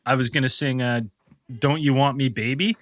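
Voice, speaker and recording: A man's voice: mid-range voice, fairly even intonation, moderate pace, a bit bright, no echo, clean studio sound. A man co-hosting a podcast, telling a rambling, profane anecdote with frequent laughs in casual chat. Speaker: podcast co-host.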